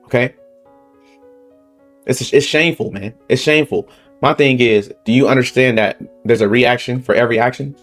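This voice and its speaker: Over soft background music, a Southern Californian political commentary host speaks in a mid-range voice at normal speed. He reacts with heat and repetition, ending his points with a rhetorical "okay?"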